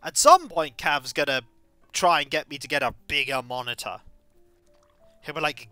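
A woman's voice: deep voice, normal speed, long pauses, pushed and bright, no room sound, faint music behind. A woman streaming a cozy game, chatting playfully with rambling, jokey asides. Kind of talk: casual game-stream chat.

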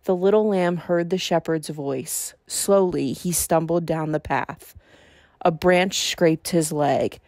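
A woman reads a children's Bible storybook aloud in a gentle, measured way. Her voice sits on the low side and she takes her time. The sound is dry and close, with no room echo.

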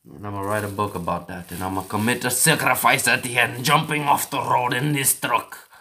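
A man co-hosting a comedy video, bantering crudely and breaking into loud mock rants. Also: mid-range voice, steady tone, brisk, creaky, slight background noise. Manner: loud, profane, mock-ranting. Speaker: comedy vlog co-host.

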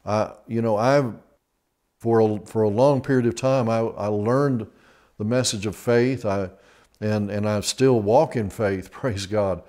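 Male pastor, folksy TV preacher, relaxed and conversational, unhurried delivery. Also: lowish voice. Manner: conversational, with frequent restarts. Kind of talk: TV sermon teaching.

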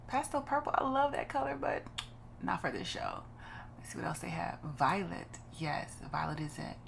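Woman from Los Angeles, casual gameplay commentary, chatty and musing, slightly low lively voice, faint noise behind. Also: normal speed, creaky. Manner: chatty, musing aloud while choosing. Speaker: gaming channel host.

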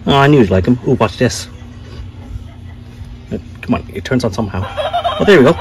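A man's voice: medium pitch, a little fast, poor audio. A man voicing all the characters in a playful plush toy comedy skit. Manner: lively, playful, switches between voices.

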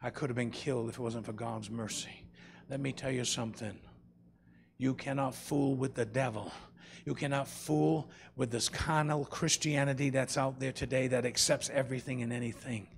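A man preaching a sermon as pastor, swinging between loud and soft and calling out to the congregation. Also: mid-range voice, fairly even intonation, moderate pace, creaky, slight background noise.

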